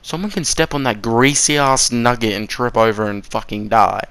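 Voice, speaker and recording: A man's voice: mid-range voice, normal speed, a bit bright, clean tone, no room sound. A teenage boy telling a rambling, sweary story about his first work shift, laughing at his own slips. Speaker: vlogger. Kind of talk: casual story time.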